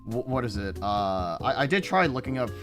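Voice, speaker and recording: Animated, rambling male streamer. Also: medium pitch, normal speed, music in the background. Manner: rambling, profane, self-interrupting. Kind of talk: casual chat with viewers.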